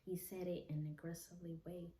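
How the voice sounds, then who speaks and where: Soft, low-voiced woman telling her story. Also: flat delivery, a little hiss or hum. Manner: soft-spoken, unhurried, candid. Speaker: vlogger. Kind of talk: personal storytelling. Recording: echoey room, faint ambience.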